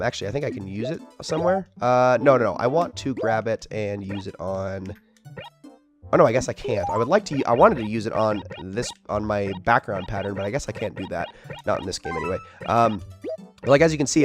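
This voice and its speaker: A man hosting a video game let's play, chatting casually and lively, often tripping over his words. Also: medium pitch. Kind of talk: casual gameplay commentary.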